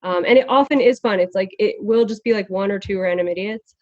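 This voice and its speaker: A woman's voice: mid-range voice, brisk, no echo. A woman co-hosting a casual podcast, chatty and loose, full of "like" fillers. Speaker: podcast co-host. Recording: dry, dull lo-fi sound.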